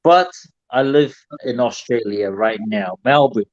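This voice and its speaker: A man, a podcast guest talking casually, playful and quick to apologize. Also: medium pitch, highs cut off. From New Zealand. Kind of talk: casual chat.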